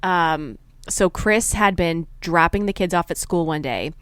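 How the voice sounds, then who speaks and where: A woman in her thirties co-hosting a podcast, telling stories in a relaxed, chatty way with easy laughs. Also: lowish voice, unhurried, smooth, no echo. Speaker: podcast co-host. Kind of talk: casual chat.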